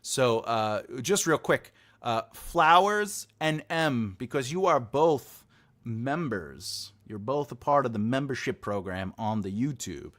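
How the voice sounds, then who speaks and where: A man's voice: mid-range voice, takes it slowly. A man hosting a live writing stream, chatting loosely with his viewers, rambling and laughing, often acting out what other people say. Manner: rambling, animated, laughs often, acts out quotes. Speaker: writing teacher and show host.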